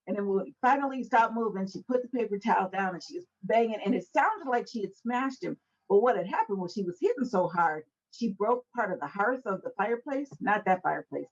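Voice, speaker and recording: A woman hosting a Bible study podcast, telling stories in a casual, animated way, acting out quoted voices and laughing often, on an indoor set. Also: mid-range voice, slightly rough, highs cut off. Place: indoor set with a fireplace backdrop.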